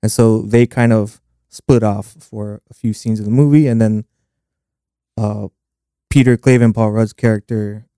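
A man's voice: on the low side, steady tone, dark tone, smooth, no echo, studio quality. A man co-hosting a podcast, casually retelling movie scenes and quoting the characters. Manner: retells scenes with quick acted-out quotes and laughs. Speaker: podcast co-host.

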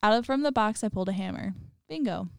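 Very clear-voiced woman reading horror aloud. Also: medium pitch, lively intonation, quick pace, no room sound, clean studio sound. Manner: laughs often, chatty asides with lots of "like". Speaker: story reader. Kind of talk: reading a horror story aloud with casual commentary.

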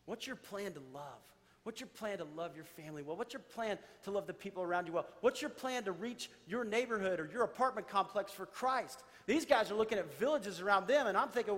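A man's voice: sits high, brisk. A man, a pastor preaching a sermon and telling stories to his church. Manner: storytelling, animated, addresses church directly. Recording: reverberant church hall.

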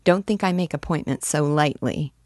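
A woman voicing a frank, cautious young woman in an audiobook reading, measured and gently firm. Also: deep voice, no echo, studio quality, natural voice.

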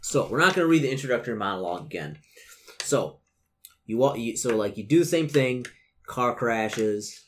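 A man serving as game master who reads a gamebook aloud in a relaxed podcast session and narrates expressively. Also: medium pitch, normal speed, slight background noise.

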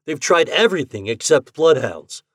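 A brash young American swindler with a breezy, slangy way of talking, as a man reads him aloud. His pitch swings lively up and down, and the sound is dry and close with no room around it. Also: moderate pace, husky, no room sound. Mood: confiding. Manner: breezy, amused slangy talk. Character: cocky young male American con man. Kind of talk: audiobook character reading.

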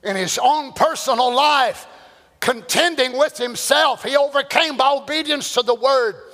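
High-voiced impassioned male preacher. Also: measured pace. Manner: impassioned, swings from shouting to hushed. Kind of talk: sermon. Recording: long hall reverb.

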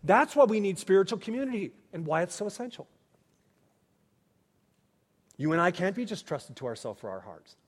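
A man delivering a sermon as pastor, earnest and shifting between hushed, quiet passages and emphatic, raised ones. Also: high voice, big pitch swings, fast talker. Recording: long hall reverb.

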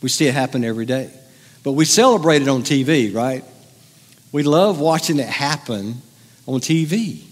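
A man's voice: mid-range voice, lively intonation, moderate pace. A middle-aged man preaching a sermon to a congregation, conversational and joking, teasing his listeners. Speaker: pastor. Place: church hall with audience. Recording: reverberant hall.

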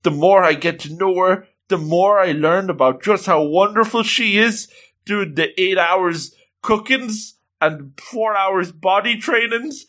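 A man's voice: high voice, unhurried, a bit bright, pitched above the performer's own voice. A man voicing an earnest, smitten young anime boyfriend who keeps pleading sincerely.

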